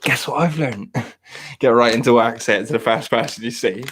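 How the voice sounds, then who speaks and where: A man's voice: medium pitch, moderate pace, fairly bright tone, a little hiss or hum. A man with a West Country English accent, chatting casually as a host, joking and laughing often. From South West England. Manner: jokey, laughs often, swears. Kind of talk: casual banter.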